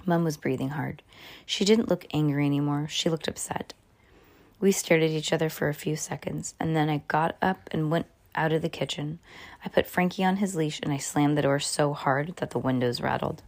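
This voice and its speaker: A woman's voice: low voice, moderate pace, a little mellow. A woman reading a children's chapter book aloud at home, breaking off to comment and joke. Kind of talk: casual storytime read-aloud.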